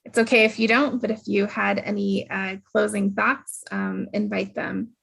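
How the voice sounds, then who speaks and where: A woman's voice: mid-range voice, level tone, normal speed, gravelly, fairly bright tone, breathy edge. A woman moderating an online panel webinar, speaking hesitantly with many fillers over a video call.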